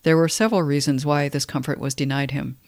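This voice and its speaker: A man's voice: fairly high pitch, fairly even intonation, quick pace, gravelly, no echo, studio quality. A man commenting wryly on a novel and reading passages from it in a conversational way. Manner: wry, conversational commentary between read passages. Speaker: literary commentator.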